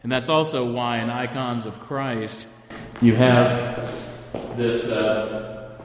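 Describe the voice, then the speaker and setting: A man gives an informal Bible class lecture, speaking in a thoughtful, halting way and restarting his phrases as he goes. His voice carries a roomy echo with a long reverb tail. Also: mid-range voice, fairly even intonation, a little hiss or hum. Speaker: Bible study teacher. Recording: echoey room with long reverb.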